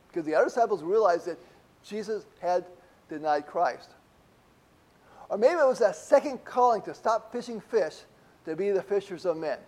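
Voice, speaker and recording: Middle-aged pastor guy, pretty high voice, preaching casual, asks the crowd questions. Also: a little mellow. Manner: conversational preaching with rhetorical questions. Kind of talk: sermon.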